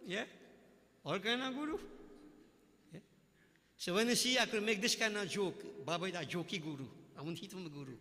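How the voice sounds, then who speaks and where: A man's voice: sits high, animated, fairly quick, long pauses, sharp tone, big-room sound. A man preaching a sermon, telling folksy stories with jokes. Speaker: religious leader.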